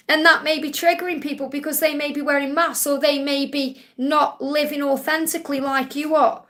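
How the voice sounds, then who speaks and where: High-voiced woman with a Stoke-on-Trent accent. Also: a bit bright. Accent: Stoke-on-Trent English. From England. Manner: soothing, reassuring, addresses viewers as honey. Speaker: psychic reader. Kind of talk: live-stream card reading.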